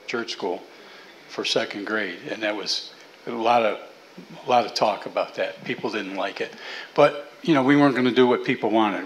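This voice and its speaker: A middle-aged man speaking casually to a church audience in a relaxed, folksy way. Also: fairly low pitch, slight background noise, poor audio. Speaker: guest speaker.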